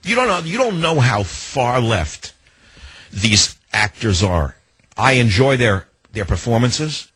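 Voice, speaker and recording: A man's voice: mid-range voice, very animated, slow, fairly bright tone, husky, dry recording, rough recording. A man hosting a talk radio show, ranting in an opinionated monologue full of emphatic rhetorical questions, into a studio microphone.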